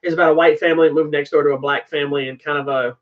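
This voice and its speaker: A man's voice: on the high side, fairly even intonation, rapid-fire, recorded from a distance, phone-quality sound. A man co-hosting a casual TV review podcast with his wife, teasing and joking as they talk. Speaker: podcast co-host.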